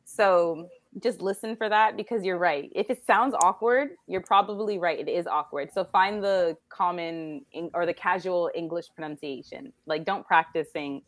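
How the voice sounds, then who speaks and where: A woman's voice: lowish voice, normal speed, few pauses. A woman with a North American accent, teaching a casual online English lesson over a video call. She explains patiently and chattily, often saying "like". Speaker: English tutor.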